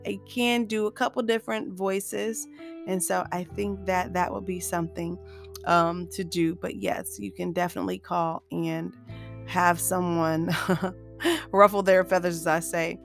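A woman's voice: fairly low pitch, fairly even intonation, measured pace, vocal fry, soft background music. A woman hosting a solo motivational podcast, chatty and upbeat, often laughing as she talks to her listeners as "you guys". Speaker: podcast host.

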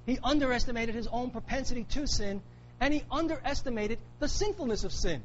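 Man, sermon, very high-pitched voice, emphatic, repeats key phrases, muffled lo-fi sound, faint hiss. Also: fairly quick. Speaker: pastor.

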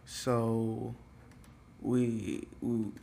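A man's voice: medium pitch, little pitch movement, drawn-out words, gravelly, warm tone, slight background noise. A young man telling a story in a casual, rambling way, full of fillers. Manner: rambling, filler-heavy, loose.

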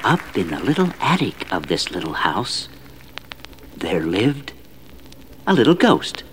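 A man narrating a children's-style ghost tale in a slow, sing-song storybook manner. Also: fairly low pitch, very animated, crowd noise, noisy background. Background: music.

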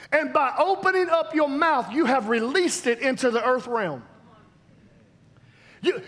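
A man with a strikingly high voice preaches a sermon. He drives his points home with emphatic repeated phrases. His voice rings through the long reverb of a large church hall. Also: fairly bright tone. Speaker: pastor.

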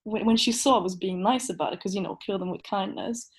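A woman's voice: medium pitch, fast talker, slight background noise. A young woman on a podcast, telling a story in casual chat, acting out quotes and laughing often. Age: young adult. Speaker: podcast host.

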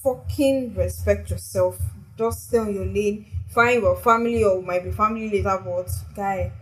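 A woman's voice: medium pitch, moderate pace, low-quality recording. A young woman who talks frankly and swears freely as a podcast co-host in casual chat.

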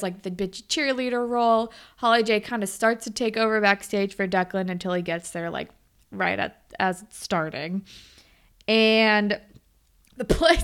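Bright-voiced woman recapping a show. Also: fairly high pitch. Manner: animated, acts out characters' lines in quotes. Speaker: podcast co-host. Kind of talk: casual chat recapping a TV episode.

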